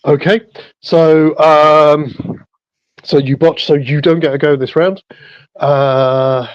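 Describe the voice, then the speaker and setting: A man narrating as the storyteller of a tabletop game, relaxed and full of fillers. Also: a little high, takes it slowly, a little hiss or hum. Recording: dull lo-fi sound.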